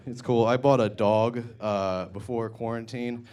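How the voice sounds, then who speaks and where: A man's voice: medium pitch, steady tone, measured pace, a little mellow. A young man performing a stand-up set in a comedy club, rambling through self-deprecating stories with crude asides.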